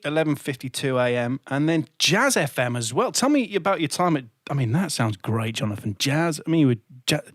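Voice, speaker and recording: A man's voice: a little high, no room sound. Man interviewing, dry close sound. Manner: recaps career steps before asking. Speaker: podcast host.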